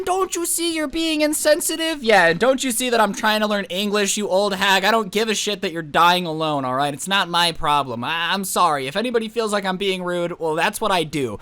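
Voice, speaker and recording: A young man telling a storytime vlog in a sarcastic, rapid, ranting way. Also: fairly high pitch, a bit bright, clear, resonant tone, no echo. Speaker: YouTuber.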